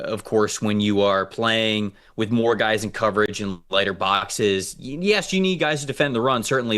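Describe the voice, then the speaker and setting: A man co-hosting a football show, reading out player grades and stats in a casual, animated way. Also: fairly low pitch. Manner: reads out stats, animated and joking. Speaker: co-host, football analyst. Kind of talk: casual sports analysis chat.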